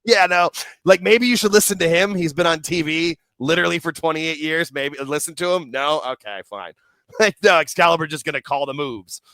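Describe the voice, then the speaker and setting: A man's voice: on the high side, brisk, no room sound. A man who is a podcast guest, talking in casual chat and ranting with lots of swearing. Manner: animated ranting with frequent swearing and laughs.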